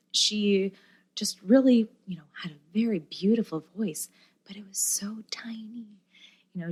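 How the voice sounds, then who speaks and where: A woman being interviewed on a podcast, telling a story in a lively, casual way with lots of fillers and acted-out quotes. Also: fairly low pitch. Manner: animated storyteller, many fillers, acts out quoted voices. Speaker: guest, musician and camp director.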